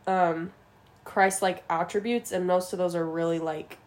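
A woman's voice: lowish voice, a little slow. Chatty young woman from Utah. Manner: chatty, animated storyteller. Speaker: podcast co-host. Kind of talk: casual chat.

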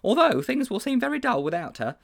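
A man playing a fretful, lovesick middle-aged schoolmaster in a storybook reading, who stammers through his confessions and swoops up in pitch when he frets. His voice is raised well above a plain reading voice and rises and falls widely. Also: sing-song, brisk, vocal fry, full character voice. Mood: flustered. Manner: fretful, stammering, dramatic wailing.

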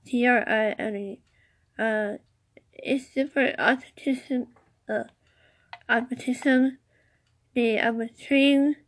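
Woman podcast host, slightly high voice, slow halting read with fillers, chatty asides. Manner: slow, halting reading with many fillers and restarts. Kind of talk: casual solo podcast about crystals.

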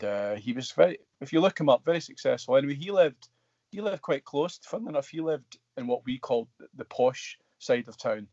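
Animated Scottish man telling stories. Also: medium pitch, no echo, dull audio. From Scotland. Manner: animated, rambling with many restarts. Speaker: guest actor. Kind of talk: casual storytelling interview.

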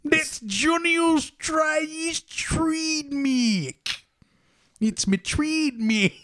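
A man's voice: very high voice, a bit bright, voice pushed up, full character voice. A man putting on Johnny Australia, a drawling Aussie bloke. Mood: boastful. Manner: drawled, slow exaggerated delivery. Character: boisterous Australian man, bungling limerick teller.

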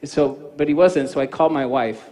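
A man in his fifties preaching a sermon, animated and telling stories, acting out dialogue in quoted voices. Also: mid-range voice, normal speed, some chatter behind. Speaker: pastor. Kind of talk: sermon with personal storytelling. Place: church sanctuary. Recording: reverberant church hall.

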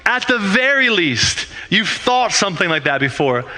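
A pastor delivers a sermon in a loose, conversational style. He uses rhetorical questions and often restarts his sentences. His voice sits high and rings very bright. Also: sing-song, normal speed.

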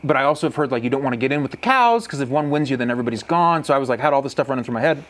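A young man co-hosting a podcast, telling a story in a casual, animated way and mimicking animal calls. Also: medium pitch, racing. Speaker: podcast co-host.

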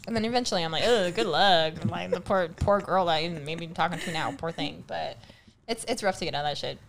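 A woman's voice: lowish voice, fast, vocal fry, slight background noise. A young woman co-hosting a casual chat, talking candidly, swearing often and restarting her sentences. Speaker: podcast co-host.

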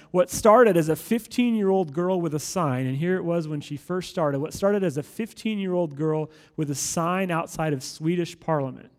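Male pastor, 30s, casual energetic sermon delivery, higher voice, reverberant church hall. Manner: energetic, conversational, animated asides.

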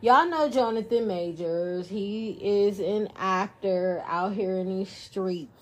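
A woman's voice: mid-range voice, slow pace, hardly any pauses. A woman hosting a podcast in casual chat, playful and jokey, talking into a studio microphone. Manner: playful, jokey, self-praising. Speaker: podcast host.

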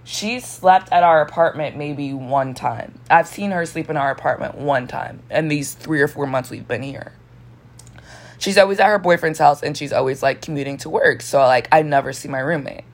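A young woman with a low voice tells a personal story in a loose, casual way. She swears freely and fills her sentences with "like". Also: normal speed. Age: young adult.

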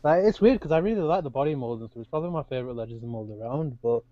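A man's voice: mid-range voice, animated, rapid-fire, no room sound, muffled recording. A man co-hosting a casual podcast chat, talking hesitantly with many restarts.

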